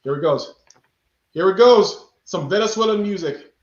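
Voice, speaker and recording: A man's voice: sits high, expressive, normal speed. A man hosting a live online show, playfully quizzing his guest and calling out guesses from the chat. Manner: playful, repeats questions to the chat. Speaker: show host. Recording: echoey room, dull lo-fi sound.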